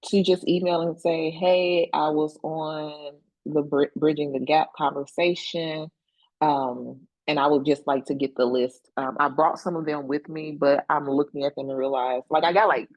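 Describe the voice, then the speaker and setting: A woman with a notably low voice speaks plainly as a panelist on a video call. Her manner is direct and reflective. The recording is dry and close. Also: fairly even intonation, normal speed, a little mellow, no echo, rough recording. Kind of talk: casual panel conversation.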